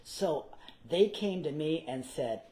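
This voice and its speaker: Man, interview guest, theatrical storyteller, mellow voice, swinging pitch. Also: slow pace, poor audio. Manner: animated, theatrical, slips into character voices. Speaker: guest performer.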